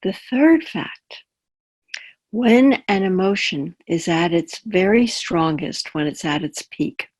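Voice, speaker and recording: A woman's voice: lowish voice, expressive, slow, darkish tone, slightly rough. A woman palliative care chaplain giving a webinar talk in a conversational way, using personal examples and often checking in with her listeners.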